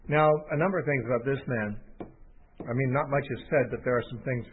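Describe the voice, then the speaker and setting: A man's voice: medium pitch, a little fast, slightly rough. A man teaching a Bible passage off the cuff, thinking aloud with restarts and fillers. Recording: tinny phone-line audio.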